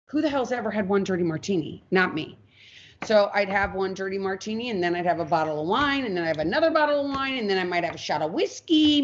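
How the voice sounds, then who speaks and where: Woman guest spilling her story real candid, bit low voice, muffled lo-fi sound. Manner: frank, animated, acts out her past self in quotes. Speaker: podcast guest. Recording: muffled lo-fi audio.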